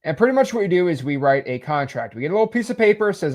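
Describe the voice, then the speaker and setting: A man casually teaching real estate wholesaling while sketching, animated and salesy. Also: on the high side, rapid-fire. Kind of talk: casual whiteboard explainer.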